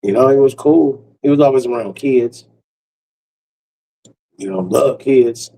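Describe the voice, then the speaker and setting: A man's voice: mid-range voice, measured pace, dark tone, recorded from a distance, low-quality recording. Laid-back profane male storyteller. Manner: loose, profane and laughing, with frequent restarts. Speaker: comedian.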